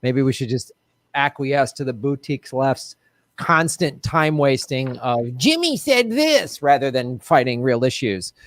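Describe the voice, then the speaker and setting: A man's voice: medium pitch, fairly even intonation, a little slow, no room sound. A man with a nasal Midwestern American accent hosting a casual live stream, wry and joking as he reads viewer comments. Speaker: host.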